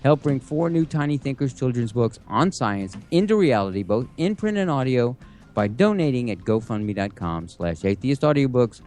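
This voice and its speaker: A man's voice: medium pitch, lively intonation, moderate pace, darkish tone, faint music behind. A man presenting a satirical news segment with a sarcastic, wry delivery.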